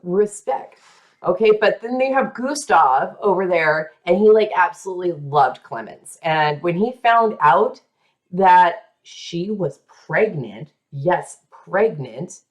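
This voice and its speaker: On her podcast, a woman with a lowish, animated voice dramatizes a true story in a relaxed way, slipping in asides and fast voices for each person.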